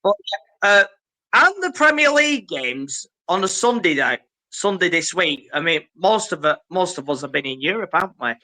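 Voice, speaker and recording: High bright Manchester man hosting. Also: sing-song, moderate pace, rough recording. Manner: hesitant, full of fillers. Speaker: stream host. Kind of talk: casual chat.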